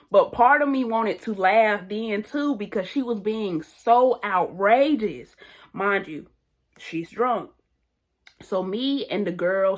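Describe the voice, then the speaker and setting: A young woman tells a wild night-out story to her viewers in a loose, slangy way. She is animated and repeats phrases for emphasis. Her pitch sits in an ordinary middle range. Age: young adult. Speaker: vlogger. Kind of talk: casual storytime.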